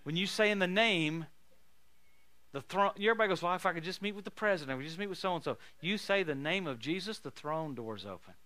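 A man preaching a sermon, telling stories in an animated, folksy way and laughing often. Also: high voice, a little fast, dry recording. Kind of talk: sermon with storytelling.

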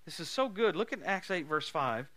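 A male preacher delivering a sermon full of healing stories, telling them with laughter and sudden loud bursts of emphasis. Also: fairly high pitch, big pitch swings, normal speed, dry recording.

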